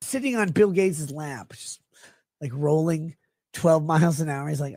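A man rambling erratically and crudely on his own stream. His volume and pitch swing wildly from line to line. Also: moderate pace, darkish tone, no room sound, clean studio sound. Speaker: streamer in a played clip.

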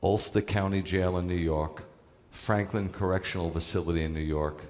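A rabbi preaches in a relaxed, conversational way and leans hard on his key points. His voice is very low, and a long reverb trails each phrase, as in a large hall. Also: moderate pace. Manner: conversational, emphatic preaching with asides to the congregation. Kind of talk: sermon.

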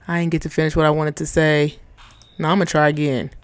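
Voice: mid-range voice, little pitch movement, brisk, clear, resonant tone, no echo. A person giving casual, playful commentary while playing a video game, cracking jokes and talking back to the characters in slang. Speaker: gaming channel host.

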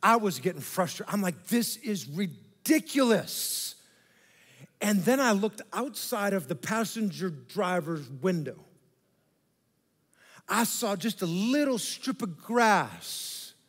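A man preaching a sermon to his congregation, telling an animated story with mock voices and asides to the listeners. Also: high voice, slow pace, breathy edge. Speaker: pastor. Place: large church hall. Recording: long reverb of a church hall.

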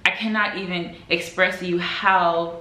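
A woman's voice: on the low side, fairly even intonation, a little slow, pushed and bright. A young woman chatting casually to camera at home, full of "like" and "girl" as she talks to her viewers. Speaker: vlogger. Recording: echoey room.

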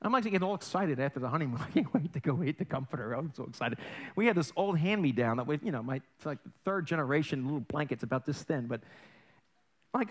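A male pastor preaching a sermon in a church, animated and conversational, acting out little family exchanges in quoted voices. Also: a little high, fast talker. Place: church sanctuary.

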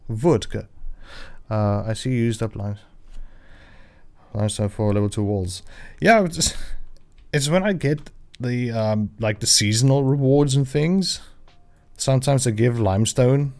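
This livestreaming gamer has a medium-pitched, slightly mellow male voice and speaks unhurriedly, with long pauses. He rambles casually while playing a survival game, using lots of fillers and correcting himself, over royalty-free background music.

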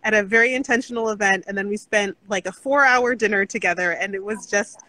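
A woman's voice: medium pitch, a little fast, bright, forceful tone, poor audio. A woman co-hosting an interview podcast, talking in an earnest, encouraging way about faith and support, with many restarts. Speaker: podcast co-host. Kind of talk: casual interview chat.

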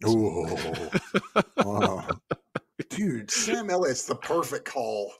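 A man co-hosting a book podcast, reacting in loose, animated chat full of restarts. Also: medium pitch, drawn-out words. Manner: animated, rambling, many restarts. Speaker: podcast co-host. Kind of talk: casual chat.

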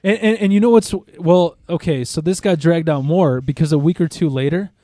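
A man's voice: fairly high pitch, a little fast, dry recording, clean studio sound. A man casually telling a long story on a podcast, swearing freely and acting out the people in it. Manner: animated, acts out quotes, swears a lot, restarts.

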